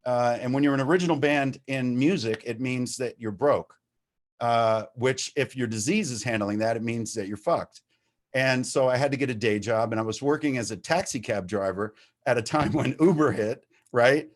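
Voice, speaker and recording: Animated man sharing at a recovery meeting. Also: medium pitch, normal speed. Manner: animated, swears freely, gets worked up. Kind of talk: candid recovery-meeting share. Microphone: video-call microphone.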